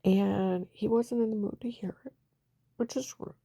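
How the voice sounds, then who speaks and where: A woman's voice: mid-range voice, steady tone, normal speed, creaky, mellow, husky, no echo, clean studio sound. A woman speaking in a rambling, emotional personal monologue, often dropping into a whisper.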